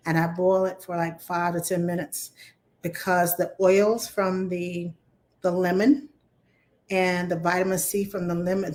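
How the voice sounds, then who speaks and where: Chatty woman, voice just back. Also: on the low side. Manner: rambling, animated storytelling with restarts. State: recovering from laryngitis, slightly hoarse. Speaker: vlogger. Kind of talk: casual chatty talk to camera.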